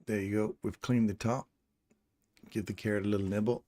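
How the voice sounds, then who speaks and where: A fairly low-voiced middle-aged man from England gives relaxed, loose commentary while trading live. He thinks aloud as he walks through the chart and chats and jokes with his viewers between setups. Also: brisk. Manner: chatty and joking with viewers. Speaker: livestream trader and channel host.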